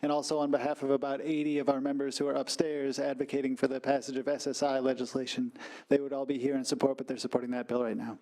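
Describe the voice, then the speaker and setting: A man's voice: mid-range voice, little pitch movement, quick pace, warm tone. A man representing an advocacy network, speaking firmly and insistently in a short public comment. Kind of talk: brief public testimony at a hearing.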